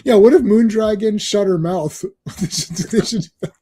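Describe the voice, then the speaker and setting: Laughing rambling man, dark voice. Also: high-pitched, moderate pace, breathy edge. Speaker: comic podcast host. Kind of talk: casual chat.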